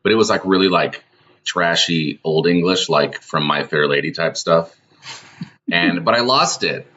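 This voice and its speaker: A rambling man co-hosting a comedy podcast, talking in a very deep yet bright, forceful voice. His chat is loose and casual, and the sound is dull and lo-fi with a faint hiss behind it. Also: unhurried. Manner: rambling, full of "like". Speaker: podcast co-host.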